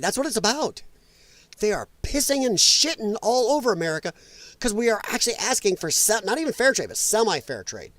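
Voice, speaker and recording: A man's voice: sits high, dry recording. Laughing, profane man hosting a livestream. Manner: loose, profane, laughing, reading chat comments. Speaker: livestream host. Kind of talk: casual political livestream chat.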